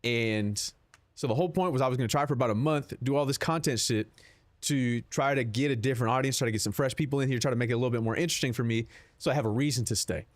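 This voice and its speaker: A man's voice: mid-range voice, fast. A man streaming a game, chatting casually with his chat in a rambling, profane, laid-back way.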